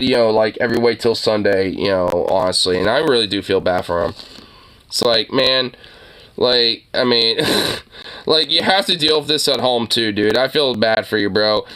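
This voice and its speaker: Bright-voiced man ranting casually. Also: medium pitch. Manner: profane, rambling, heated. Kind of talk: casual reaction chat.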